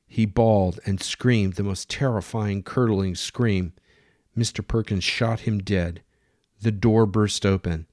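A man narrating a dramatic story in steady, plain reading. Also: lowish voice, dry recording, clean studio sound.

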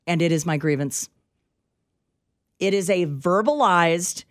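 A middle-aged woman co-hosting a radio show in a studio, telling an everyday story with animated, exasperated ranting. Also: on the low side, a little slow. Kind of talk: casual talk radio chat.

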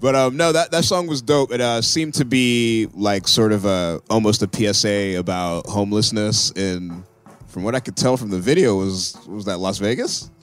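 A man's voice: fairly low pitch, moderate pace, smooth, faint music behind. A man co-hosting a podcast in casual, loose and profane chat. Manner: laid-back, loose and profane. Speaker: podcast co-host.

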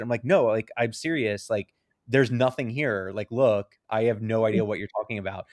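A man's voice: fairly low pitch, normal speed, a little mellow, no echo, clean studio sound. A man co-hosting a podcast, telling a story in casual chat and acting out both sides of a conversation. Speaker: podcast co-host.

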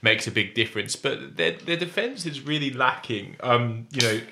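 A man co-hosting a casual football podcast, telling stories animatedly, rushing ahead and restarting his sentences. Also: mid-range voice, gravelly, noisy background. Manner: animated storyteller, rushes ahead then restarts. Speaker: podcast co-host.

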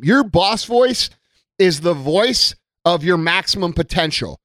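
A middle-aged man speaks in a fairly high voice and pushes his point hard, swearing freely as he lectures. The sound is dry and close, with no room around it. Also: a bit bright, no echo. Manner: blunt, profane, emphatic. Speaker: podcast host. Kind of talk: motivational monologue.

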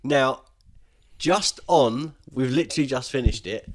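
A man's voice: medium pitch, measured pace. Male podcast co-host, loose chatty delivery, lots of fillers and restarts. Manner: rambling, many ums and restarts. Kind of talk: casual chat.

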